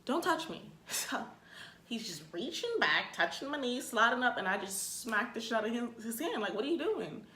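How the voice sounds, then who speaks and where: A young woman telling a storytime rant in a casual vlog, animated, swearing freely and saying "like" a lot. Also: on the high side, moderate pace. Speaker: vlogger. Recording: echoey room.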